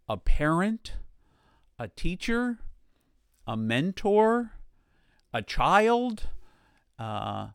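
Male meditation guide, unhurried, gentle, smooth and resonant, dry recording. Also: a little high, dry recording. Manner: slow, gentle, with long pauses.

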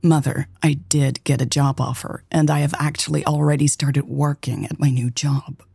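A woman's voice: deep voice, steady tone, unhurried, creaky, warm tone, husky, no room sound, clean studio sound, faint music behind, heavily acted. A woman reading the lines of a defensive, sarcastic young businesswoman talking back to her mother. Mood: firm.

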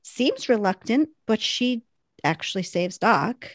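A woman's voice: a little high, takes it slowly, no room sound, clean studio sound. A middle-aged woman chatting casually as a podcast co-host, retelling scenes with acted-out lines. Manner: animated retelling, acts out lines. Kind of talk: casual chat recapping a TV episode.

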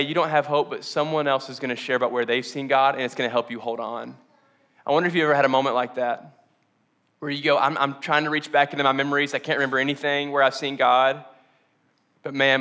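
A man's voice: medium pitch, bright, forceful tone. A young adult man preaching a sermon, earnest and confessional, close to tears at times, stumbling and restarting as he tells his own story. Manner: earnest and confessional, with self-conscious laughs and restarts. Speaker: pastor.

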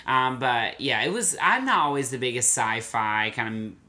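A young adult man co-hosting a casual movie chat, animated and acting out his own reactions. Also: mid-range voice, moderate pace. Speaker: podcast co-host.

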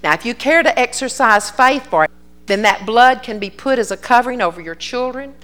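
A woman's voice: a little high, animated, brisk, a bit bright. Older woman preacher, folksy and earnest, telling stories in a conversational sermon.

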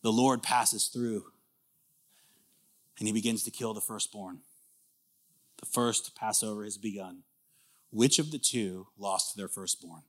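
A man preaching a sermon as a pastor, conversational and animated, with frequent restarts and emphatic rises. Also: on the low side, measured pace, pauses often.

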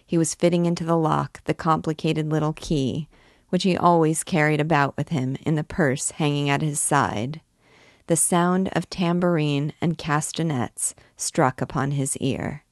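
A woman reading a classic novel aloud as host of a reading series, calm and deliberate. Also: low-pitched, no room sound, studio quality. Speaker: audiobook host and reader. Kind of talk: measured literary narration.

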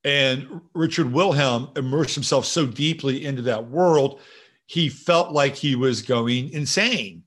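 A man's voice: medium pitch, measured pace, a bit bright, slightly rough. A man hosting a livestream show, reading out viewer comments and musing aloud in a rambling, casual way with frequent swearing. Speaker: show host.

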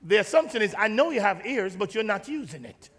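A man from Jamaica preaching with a very high, bright, forceful voice that rings through the long reverb of a church sanctuary. He preaches in an animated, folksy way, repeating words and drawing answers from the congregation. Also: a little fast. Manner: casual, folksy phrasing. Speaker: pastor. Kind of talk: sermon. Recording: long reverb of a large hall.

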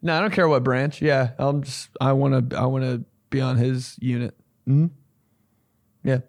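A comedian host riffing in a loose, profane, rambling way, with sudden loud bursts. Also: male voice, medium pitch, fairly even intonation, moderate pace, no echo. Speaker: comedian host reacting to listener stories.

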